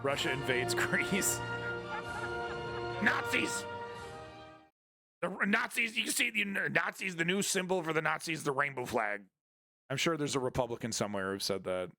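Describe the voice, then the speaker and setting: A man's voice: on the high side, fast talker, pushed and bright, soft background music. Crude, mocking male livestream commentator. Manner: irreverent, crude and mocking, laughs often.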